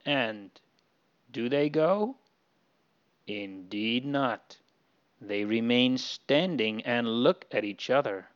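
A man telling a Bible story to children in a gentle storytelling manner. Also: mid-range voice, expressive, slow, long pauses, clean tone, lo-fi sound.

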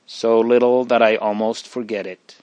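A man reading the part of a dying young woman, faint, gentle and prayerful, in a story read aloud. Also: fairly low pitch, little pitch movement, no room sound, natural voice. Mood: faint, devout. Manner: soft, slow, faint and prayerful. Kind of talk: reading aloud from a religious narrative.

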